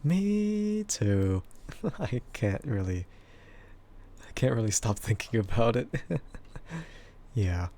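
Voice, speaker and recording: A man with a husky, bassy voice chatting casually with stream viewers and laughing often between remarks. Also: animated, slow pace, pauses often, dark tone. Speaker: VTuber streamer.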